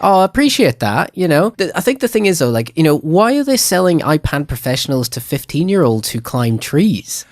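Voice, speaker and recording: A man's voice: fairly high pitch, very animated, no room sound, studio quality. A man co-hosting a podcast in casual chat, joking and teasing his co-host. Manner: joking, teasing, plays along with quick bits.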